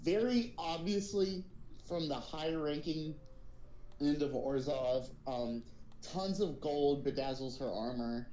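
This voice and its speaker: A man's voice: fairly high pitch, takes it slowly, dark tone, a little hiss or hum. Man narrating a tabletop game, echoey room. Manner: casual, filler-heavy narration. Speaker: dungeon master.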